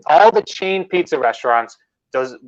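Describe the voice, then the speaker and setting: A man's voice: a little high, animated, moderate pace, dry recording, lo-fi sound. A man co-hosting a sports talk show, laughing easily and throwing out blunt teasing opinions. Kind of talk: casual sports chat banter.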